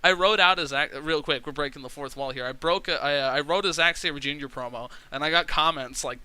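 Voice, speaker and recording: A chatty man rambling through commentary on a sim game, his voice bright and crisp and a touch high. The sound is dry and close with no room. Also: a little fast, hardly any pauses, no echo. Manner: chatty, rambling, frequent fillers. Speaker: let's play commentator.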